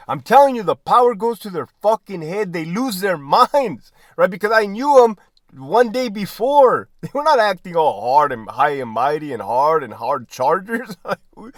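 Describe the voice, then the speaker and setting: Man, former prison guard, casual storytelling, swears a lot, laughs often, lively up-and-down voice, dry sound. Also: high voice, no room sound. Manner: profane, laughs often mid-sentence; animated, asks "right?" constantly.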